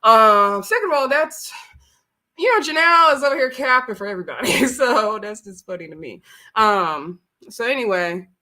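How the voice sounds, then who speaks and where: Woman w/ aave doing a live recap, bright n kinda high, laughs a lot. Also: expressive, normal speed. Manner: chatty, laughs often, acts out quoted voices. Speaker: vlogger recapping a reality show. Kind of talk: casual live-stream recap.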